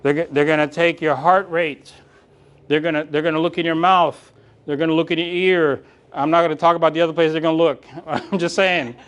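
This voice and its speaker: With a clean-toned, slightly high voice, a man briskly leads a live coaching session on real estate. He's lively and jokey, regularly calling on people in the audience.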